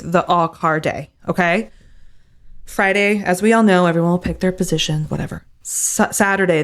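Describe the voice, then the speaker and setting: A woman co-hosting a podcast in casual chat, excited and rambling, swearing casually. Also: fairly low pitch. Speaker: podcast co-host.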